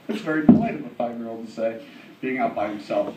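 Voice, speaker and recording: A man's voice: medium pitch, fast, background noise. A man doing a stand-up comedy set, brash and profane, laughing through his lines. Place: comedy club. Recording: echoey club, distant mic, loud crowd.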